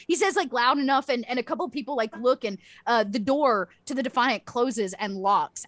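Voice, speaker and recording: Female game master, chatty and rambling, slightly high voice, dry sound. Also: no echo. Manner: chatty with many fillers and restarts. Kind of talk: narrating a tabletop game.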